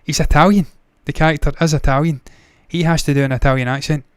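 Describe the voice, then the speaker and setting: Male movie-news host, fairly high voice, smooth and dry; swears freely and rambles off on tangents. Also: fairly even intonation, fast talker, dry recording. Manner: blunt, profane, rambling with tangents. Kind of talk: casual solo commentary.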